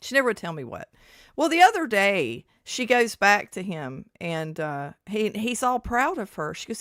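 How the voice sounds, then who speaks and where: A woman co-hosting a casual health chat, telling stories in an animated, rambling, exclamatory way. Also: mid-range voice, normal speed, dry recording, studio quality. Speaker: co-host.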